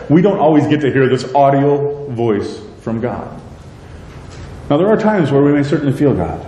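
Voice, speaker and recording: In a church sanctuary, a male pastor with a dark, mid-range voice preaches a sermon, acting out prayers and quotes in a raised voice. The recording has the echo of a church hall and faint noise.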